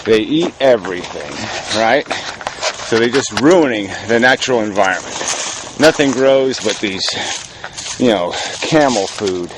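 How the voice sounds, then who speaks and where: A man rambling through a casual monologue, cynical and profane, halting with fillers and restarts. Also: on the low side, animated, noisy background. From New England, United States. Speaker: video blogger.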